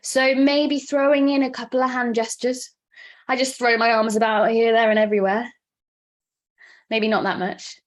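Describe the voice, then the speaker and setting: A Welsh-accented woman in her thirties leads a live online workshop. She talks quickly and chattily in a fairly high voice, laughing easily as she coaches. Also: level tone. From Wales. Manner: chatty, fast-talking, laughs often. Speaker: presenter and coach.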